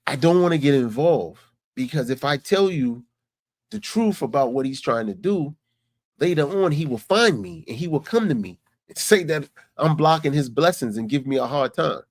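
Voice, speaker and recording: A man's voice: fairly high pitch, expressive, moderate pace. A man voicing a cautious local driver in a plain, earnest tone. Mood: uneasy.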